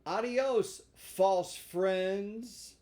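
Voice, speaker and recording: A man voicing a proud young wooden marionette boy in a read-aloud storybook, speaking high, loud and emphatic. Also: very slow. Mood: scornful.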